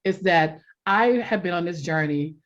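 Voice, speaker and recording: A woman guest on a podcast telling a personal story in a casual interview, animated and quick to laugh. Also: on the low side, dull audio. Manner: animated, laughs often, acts out quotes. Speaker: podcast guest, life coach.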